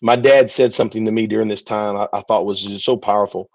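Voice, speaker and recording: A man, a pastor telling his story in an interview, relaxed and chatty. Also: on the low side, fast, gravelly, no echo. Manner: relaxed, chatty, many fillers. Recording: dull, dry recording.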